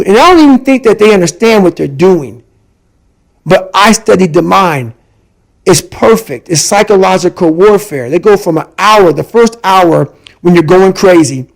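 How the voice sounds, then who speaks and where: A man's voice: sits high, gravelly, poor audio. A man guest in a conversation, telling a personal story with intense emphasis and repeating his points to hammer them home. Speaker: podcast guest.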